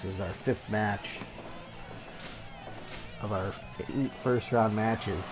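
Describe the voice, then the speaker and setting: Over music, a man hosting a video game show gives excitable play-by-play on a wrestling match, chuckling along. His voice is lowish and his pace slow.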